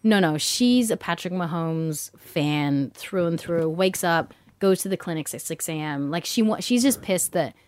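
A woman's voice: fairly low pitch, a little slow, hardly any pauses, slight background noise. A woman in her thirties with an Australian accent, an actress chatting casually as a guest and often laughing. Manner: animated, laughing, slips into put-on accents. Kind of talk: casual interview chat.

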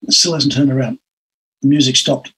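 An older Australian man, a guest in an interview, telling long stories with lively acted-out quotes. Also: mid-range voice, moderate pace, slightly rough, poor audio. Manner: animated anecdotal storytelling with acted-out quotes. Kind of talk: storytelling in an interview.

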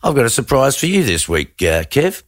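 A man's voice: mid-range voice, big pitch swings, fairly quick, no room sound. A man co-hosting a radio show, teasing and stammering into his punchlines. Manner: teasing, stammering build-ups. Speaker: radio co-host. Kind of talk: casual radio banter.

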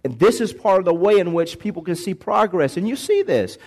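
A man's voice: sits high, animated, brisk, a little mellow. A male pastor preaching a sermon in a church on a microphone, calling for responses from the congregation and shifting pace and volume.

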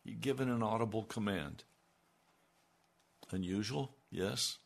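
An older man delivers a sermon at an unhurried, deliberate pace. His voice is low, gravelly and a little husky. He leans hard into key phrases. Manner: slow and emphatic, rising in intensity when quoting God. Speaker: preacher.

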